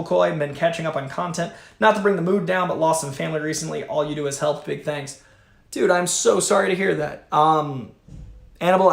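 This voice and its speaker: Echoey, energetic male livestream host. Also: fairly high pitch, creaky. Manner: energetic, profane, chatty. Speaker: host reading viewer super chats. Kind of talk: casual livestream chat. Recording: echoey room.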